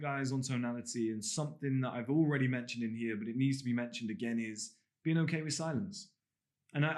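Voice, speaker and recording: A man's voice: mid-range voice, darkish tone. A man with a posh English accent, originally from the English countryside, coaching a course on camera in a blunt, emphatic way and swearing freely. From England (Gloucestershire). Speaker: dating and body language coach. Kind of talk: direct-to-camera course talk.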